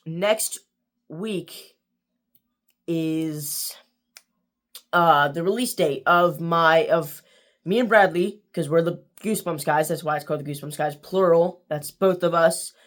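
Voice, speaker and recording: A man with a monotone voice signing off a casual book review video, rambling with many fillers and restarts. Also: sits high.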